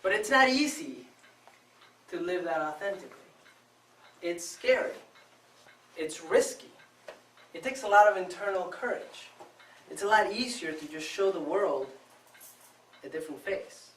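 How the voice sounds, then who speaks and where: A man from Venezuela giving a prepared contest speech to a live audience, telling his story with expressive, dramatic pauses. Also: high-pitched. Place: club meeting room before a live audience. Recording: echoey room, distant mic, faint noise.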